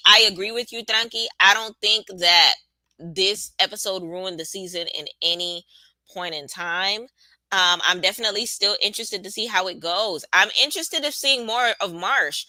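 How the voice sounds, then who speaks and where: A woman with runs a live reaction stream. She talks casually and sassily, answering her chat, in a very bright, forward voice. The sound is dry and close to the mic. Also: mid-range voice, moderate pace, no echo. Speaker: live-stream show host.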